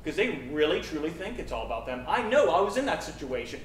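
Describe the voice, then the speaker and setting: A young man preaching a sermon with a personal story, animated, acting out quotes and swinging from loud to soft. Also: fast talker. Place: church. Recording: echoey church hall, mic at a distance, faint rumble.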